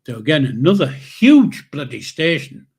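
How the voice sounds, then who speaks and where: His voice is on the high side, sing-song and slightly rough, moving at a normal speed. He's a channel host from Yorkshire in his seventies with a matching accent, rambling casually through a personal story while swearing freely and restarting sentences.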